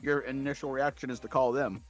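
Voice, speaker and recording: A man's voice: medium pitch, fairly even intonation, a little fast, soft background music. A man co-hosting a podcast, chatting casually and eagerly, often stumbling and repeating words as he starts sentences. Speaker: podcast co-host. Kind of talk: casual chat.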